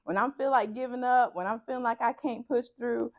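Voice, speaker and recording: A woman's voice: a little high, fairly quick, dull audio. A woman presenter sharing a personal story at a conference session, acting out the dialogue as she goes. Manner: animated storytelling, acts out dialogue.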